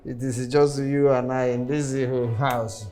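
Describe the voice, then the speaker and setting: A man with a Nigerian accent playing a sly, menacing middle-aged man who coaxes slowly. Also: medium pitch, flat delivery, dark tone, soft background music, natural voice. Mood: coaxing. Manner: slow, coaxing, chuckling.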